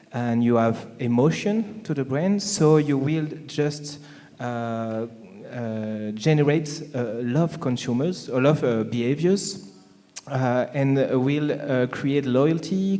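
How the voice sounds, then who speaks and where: A man with a French accent, a native French speaker, speaking as a panelist at a conference, halting with many fillers and restarts. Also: mid-range voice, dark tone. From France. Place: conference hall. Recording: long hall reverb.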